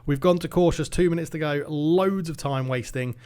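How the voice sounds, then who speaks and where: A man narrates his football management game play by play in a fairly high voice. He worries aloud over every attack, drops to a mutter while fretting, then rises to an eager shout when the play turns. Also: normal speed, smooth. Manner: anxious, commentating play by play, swinging between muttering and excited shouting. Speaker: gaming YouTuber. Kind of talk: live game commentary.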